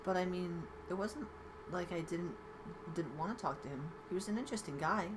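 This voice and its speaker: Woman reading a game aloud, lower voice. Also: fairly quick, background noise. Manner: playful, reads with occasional stumbles. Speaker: let's play host. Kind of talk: reading a visual novel aloud with commentary.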